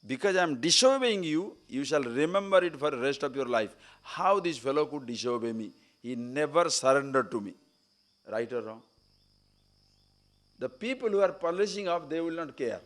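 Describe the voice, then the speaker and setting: A man's voice: medium pitch, a bit bright. A man giving a spiritual talk at a retreat camp, telling stories animatedly and acting out the speakers he quotes. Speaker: spiritual teacher. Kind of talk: spiritual discourse.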